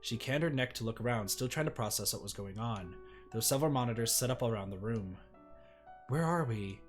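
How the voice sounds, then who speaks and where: A man streaming a game, reading its story text aloud in a measured, even way. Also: mid-range voice, soft background music.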